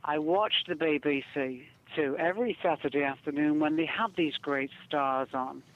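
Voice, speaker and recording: A man's voice: a little high, normal speed. A man with a Northern English accent chatting as a guest, effusive and a little theatrical. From north of England. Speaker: guest performer. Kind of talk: casual chat. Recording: dull lo-fi recording.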